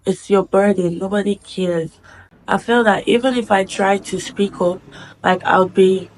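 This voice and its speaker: A woman's voice: mid-range voice, fairly even intonation, measured pace, slight background noise. A woman speaking in a heartfelt personal vlog, earnest and reflective, repeating phrases for emphasis. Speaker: vlogger.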